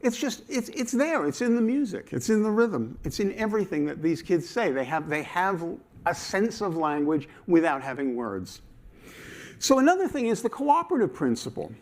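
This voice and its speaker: A man giving a talk at a conference, animated and playful, acting out his examples as he explains them. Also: high-pitched, moderate pace. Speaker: conference speaker.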